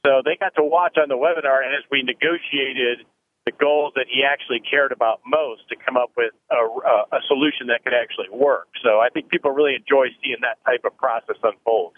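A man's voice: medium pitch, a little fast. A man speaking as a guest in a phone interview, explaining retirement planning thoughtfully and often restarting his sentences. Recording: tinny phone line.

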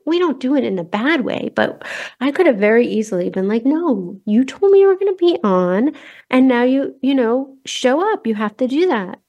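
A woman hosts a podcast in a loose, chatty way, circling back and restarting her thoughts as she goes. Her voice sits a little high. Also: dark tone. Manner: chatty, rambling with many restarts and fillers. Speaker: podcast host. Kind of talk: casual conversational interview.

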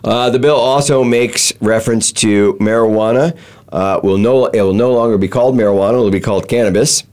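A man's voice: on the low side, brisk, darkish tone. A man hosting a talk show, explaining step by step with many fillers and restarts. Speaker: show host. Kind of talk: explanatory chat.

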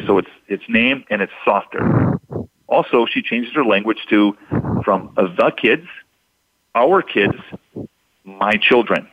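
A man with a husky, slightly breathy voice talks through examples in a steady, instructive way. The sound is dry and close, with the muffled, dull tone of a lo-fi radio broadcast. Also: lowish voice, dry recording. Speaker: deception expert guest. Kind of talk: explanatory radio talk.

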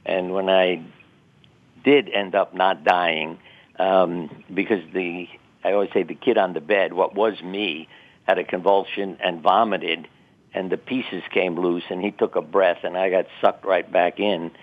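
A man's voice: sits low, fairly even intonation, unhurried. An older man being interviewed, telling personal stories in a reflective, chatty way with wry laughs at himself. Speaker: guest. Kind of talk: interview storytelling. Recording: tinny phone-line sound.

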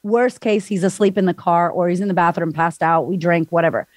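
A woman's voice: fairly low pitch, steady tone, fairly quick, dry recording. A woman guest on a podcast, frankly retelling a hard personal story with lots of "like". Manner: frank, breathless retelling full of "like", acts out voices.

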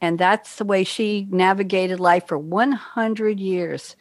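A woman's voice: medium pitch, fairly even intonation, takes it slowly, dry recording. An older woman hosting an interview, telling long stories in a chatty way and acting out the voices she quotes. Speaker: host. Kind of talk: casual interview chat.

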